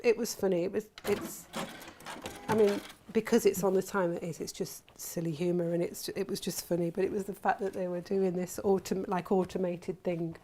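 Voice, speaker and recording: A woman's voice: mid-range voice, warm tone. A woman hosting a crafting workshop, chatting casually and telling stories while she sews. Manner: chatty, storytelling, laughs often. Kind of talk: casual chat while sewing.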